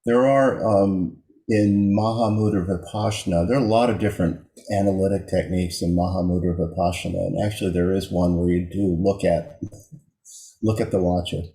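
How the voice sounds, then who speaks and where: Calm low-voiced man in an echoey room. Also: moderate pace. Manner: calm, questioning. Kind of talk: explaining in group discussion. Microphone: video call. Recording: echoey room on video call.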